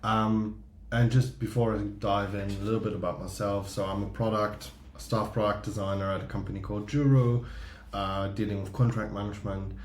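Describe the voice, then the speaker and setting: A man speaks in a lowish voice, relaxed and hesitant, filling pauses with ums. The room is echoey and has a faint hiss in the background. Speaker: guest design reviewer. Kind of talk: casual explanation.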